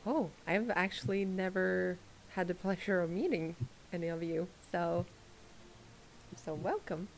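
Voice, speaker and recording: A gentle, kind young noblewoman, played by a woman running a tabletop game. She speaks softly and slowly in a welcoming manner, her voice a touch low. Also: vocal fry, slight background noise, low-quality recording.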